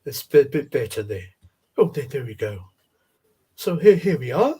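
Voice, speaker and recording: Man, stream host, husky, lively pitch, gentle meandering chat full of fillers. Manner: halting, many fillers and repeats, gentle folksy tone. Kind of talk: casual chat about toy card art.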